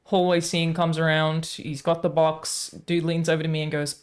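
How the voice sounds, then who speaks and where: A woman streaming a game, chatting casually and telling stories in an animated way, swearing freely. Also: low-pitched, normal speed, hardly any pauses, clear, resonant tone.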